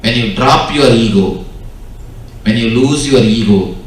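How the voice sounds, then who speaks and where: A man's voice: mid-range voice, a little slow. A young man with an Indian English accent giving a spiritual discourse, telling stories and repeating his key lines for emphasis. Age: 20s. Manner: repetitive, emphatic storytelling. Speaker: spiritual teacher. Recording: echoey distant hall recording.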